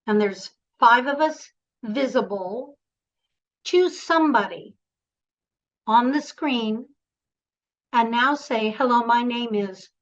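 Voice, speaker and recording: A woman's voice: on the high side, fairly bright tone, lo-fi sound. A woman coaching presenters in an online workshop, encouraging and directive, speaking over a video call.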